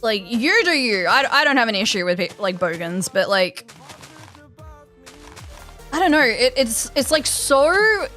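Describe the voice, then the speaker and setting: Chatty Australian woman with a slightly high voice. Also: sing-song, a little slow, long pauses, sharp tone, faint music behind. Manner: chatty, rambling, many fillers and restarts. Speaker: game streamer. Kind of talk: casual chat with live viewers.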